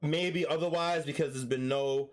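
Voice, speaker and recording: A man co-hosting a podcast, recapping a chapter in a relaxed casual way and laughing often. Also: fairly high pitch, normal speed.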